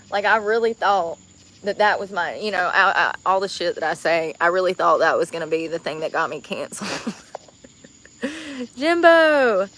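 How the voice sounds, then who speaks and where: A woman's voice: medium pitch, sharp tone. A woman livestreaming outdoors on the street, chatting casually and rambling to her viewers.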